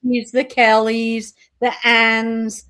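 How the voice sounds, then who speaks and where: Earnest woman thanking viewers, halting. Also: on the high side, monotone, a bit bright. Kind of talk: casual group video chat.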